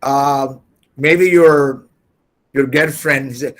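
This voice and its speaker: A man teaching an English class over a video call, halting and often repeating words as he explains. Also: mid-range voice. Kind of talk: online class lecture.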